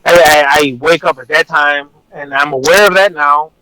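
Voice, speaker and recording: A man's voice: fairly high pitch, moderate pace, bright, forceful tone, no echo, rough recording. Man telling a story in a dry close voice. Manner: blunt, rambling, swears, repeats himself. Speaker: officer guest. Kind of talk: casual storytelling interview.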